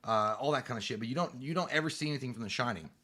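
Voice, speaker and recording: A man co-hosting a casual live stream, excitable and swearing freely, laughing often. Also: medium pitch, racing. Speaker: co-host.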